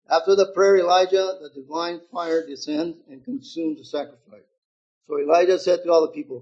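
A man in his seventies preaching a sermon, reading scripture aloud with loud emphatic stretches and quiet, low asides to his listeners. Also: fairly even intonation, a little fast, breathy edge, lo-fi sound. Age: 70s.

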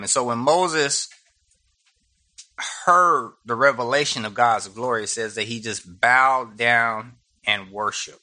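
A man's voice: mid-range voice, slow pace, bright, forceful tone. A middle-aged man teaching a Bible study, retelling scripture with humor and slang.

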